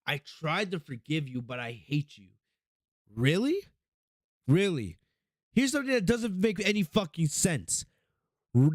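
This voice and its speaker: A man hosting a casual review podcast, talking in an excitable, profane, rambling way with frequent restarts. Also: sits high, dry recording, clean studio sound. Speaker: podcast host.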